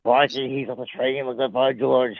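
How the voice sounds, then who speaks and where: A man doing a put-on Australian accent as an excitable wildlife showman, giving crude, profane commentary over a tinny phone-like line. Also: medium pitch, moderate pace, gravelly, no echo, natural voice. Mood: excited.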